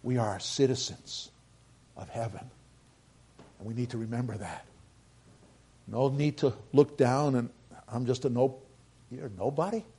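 A middle-aged male pastor preaching a sermon, emphatic, swinging between loud bursts and quiet asides, repeating phrases for stress. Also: medium pitch, breathy edge. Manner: repeats phrases for stress, quotes scripture and hymns.

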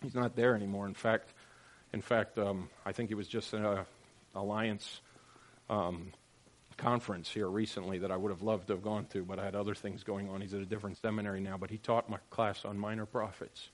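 A man preaching a sermon as pastor, swinging from loud emphatic lines to quiet, joking asides with his congregation. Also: lowish voice, flat delivery, fairly quick.

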